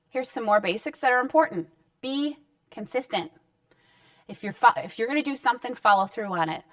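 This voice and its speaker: A woman's voice: mid-range voice, fairly bright tone. A woman in a parenting counselor role talks through discipline tips in a conversational, reassuring manner. She sits back from the mic, so her voice sounds slightly distant. The room adds almost no echo. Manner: conversational and reassuring, acting out short parent-child exchanges. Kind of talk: direct-to-camera parenting advice talk.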